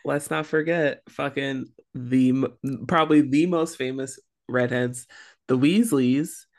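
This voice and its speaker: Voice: mid-range voice, steady tone, takes it slowly. A young adult co-hosting a podcast in casual chat, rambling with lots of fillers. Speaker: podcast co-host.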